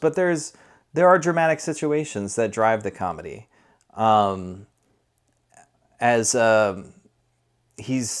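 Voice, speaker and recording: A man giving a casual spoken movie review, conversational and rambling, often correcting himself as he goes. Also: fairly low pitch. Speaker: film reviewer.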